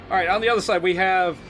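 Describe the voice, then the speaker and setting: A man hosting a casual podcast chat and running the bracket, making dry quips and laughing easily. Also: sits high.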